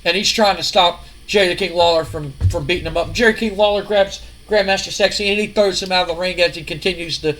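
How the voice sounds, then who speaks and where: Man, game narration, casual, rambling, slightly high voice. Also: fairly even intonation, fast talker, few pauses, a bit bright. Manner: retelling story, many fillers. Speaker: game streamer. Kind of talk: casual let's-play narration.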